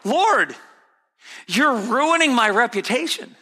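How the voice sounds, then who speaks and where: A man's voice: extremely high pitch, animated, slow pace, pushed and bright, breathy edge, pitched above the performer's own voice, heavily acted. A man voicing the apostle Peter as proud and indignant, protesting in exasperation. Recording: hall reverb.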